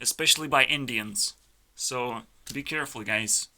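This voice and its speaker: A man's voice: medium pitch, normal speed, bright, forceful tone. A man giving live reaction commentary as a YouTuber, ranting brashly and swearing in a mock-arrogant way. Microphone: headphones on, desk mic.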